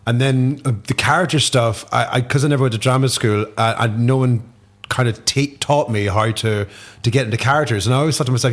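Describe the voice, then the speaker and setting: An Irish man chatting as a podcast guest, animated and swearing freely, dropping into quick impressions. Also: mid-range voice. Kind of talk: casual chat.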